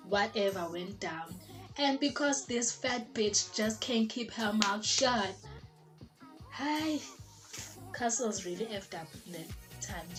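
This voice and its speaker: A young woman from South Africa with a South African accent, telling a personal story in casual storytime style and slipping Zulu words into her English. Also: medium pitch. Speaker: vlogger. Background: background music.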